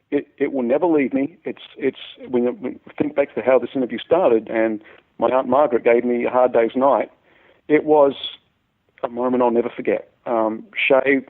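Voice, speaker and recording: A man with an Australian accent, a musician guest telling animated anecdotes and often repeating words as he goes. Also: medium pitch, gravelly. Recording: tinny phone-like line.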